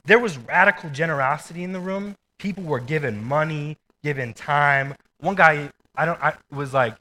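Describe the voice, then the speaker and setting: Bright-voiced pastor, casual sermon. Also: male voice, medium pitch, moderate pace, low-quality recording. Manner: casual, conversational preaching with laughs and asides.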